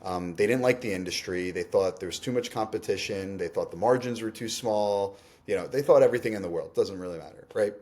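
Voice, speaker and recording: A man with a low-pitched voice speaks as an interview guest. He talks candidly and reflectively, in quick bursts full of restarts and "like". The tone is conversational. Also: a little mellow. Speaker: company CEO, interview guest.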